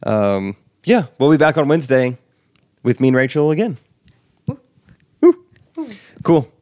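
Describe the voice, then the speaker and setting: A man's voice: mid-range voice, expressive, moderate pace, darkish tone, no echo, studio quality. A young American man hosting a podcast in casual, jokey chat, laughing often. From United States. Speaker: podcast host.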